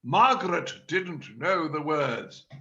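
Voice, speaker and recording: A man's voice: on the high side, expressive, slow pace, bright, forceful tone, dull audio, exaggerated voice. A man reading the part of a fussy, exasperated male panto director in an amateur play reading over a video call. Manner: pompous, theatrical outbursts.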